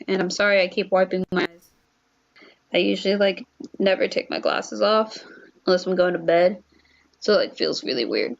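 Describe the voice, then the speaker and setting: A woman's voice: fairly low pitch, moderate pace, creaky, muffled recording. A young woman streamer with a headset mic, chatty and rambling, reading a story game aloud and joking about herself. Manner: chatty, rambling, self-mocking. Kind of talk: casual let's-play commentary and reading.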